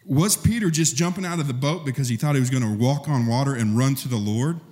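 A man preaching a sermon, telling a story and acting out voices, rising in pitch and force when stirred. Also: quick pace, darkish tone. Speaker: pastor. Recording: long reverb of a large hall.

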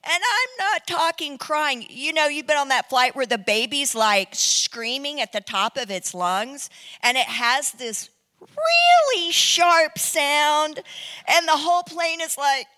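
A woman preacher telling a testimony story as a sermon, animated and laughing, then dropping to hushed tones. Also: high voice, moderate pace, hardly any pauses, long reverb tail.

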